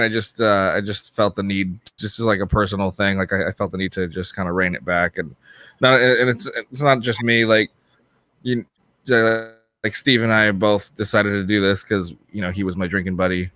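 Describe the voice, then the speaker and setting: A man co-hosting a podcast in casual chat, candid and quick to swear. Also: on the low side, a bit bright, no room sound. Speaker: podcast co-host.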